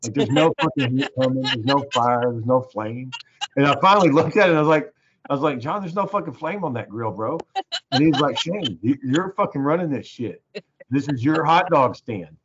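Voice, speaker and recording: A man's voice: mid-range voice, moderate pace, background noise. A man telling a story in casual chat, swearing often and acting out the voices of the people in it. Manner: profane, animated, acts out quoted voices. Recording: dull lo-fi recording.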